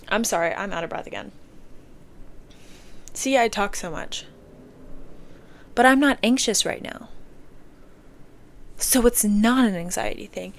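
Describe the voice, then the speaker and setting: A woman's voice: mid-range voice, unhurried, long pauses. Young woman rambling emphatically into her phone. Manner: rambling, heavy use of "like", emphatic swearing. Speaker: podcast host. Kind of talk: casual solo monologue. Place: indoors under an air vent. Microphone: phone recording.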